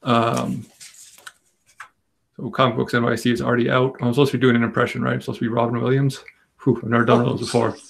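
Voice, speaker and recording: Gravelly-voiced man hosting a comic auction. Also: medium pitch, flat delivery, fast, slight background noise. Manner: rambling, self-deprecating, joking. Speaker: comic shop auction host. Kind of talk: casual live-stream auction chat.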